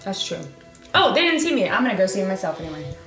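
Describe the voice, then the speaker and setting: A woman's voice: mid-range voice, very animated, fast talker, a bit bright, far from the mic. A woman playing a tabletop game, teasing and blunt. The recording is echoey, with faint music. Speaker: player. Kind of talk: casual tabletop play.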